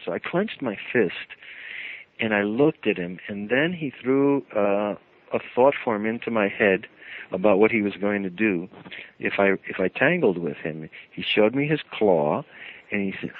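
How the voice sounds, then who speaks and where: A man who is a radio guest, telling a personal story in an animated way and acting out the scenes. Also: on the low side. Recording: tinny phone line on the radio.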